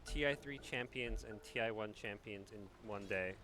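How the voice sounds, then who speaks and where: An Australian man commentating a live esports match in a chatty, relaxed way, with lots of fillers. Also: fairly low pitch, moderate pace.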